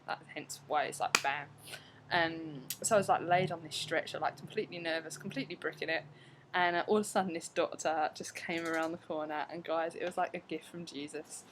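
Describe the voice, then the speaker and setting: A woman's voice: on the low side, noisy background. Chatty young woman vlogging at home. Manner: chatty, frequent fillers, acts out her reactions. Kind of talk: casual storytelling to camera. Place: at home, indoors.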